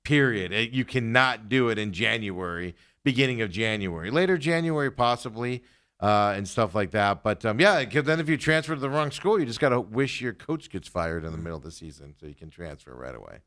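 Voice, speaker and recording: A man's voice: lowish voice, animated, a little fast, a bit bright. A man hosting a casual sports talk show, rambling and trailing off as he talks. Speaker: podcast host.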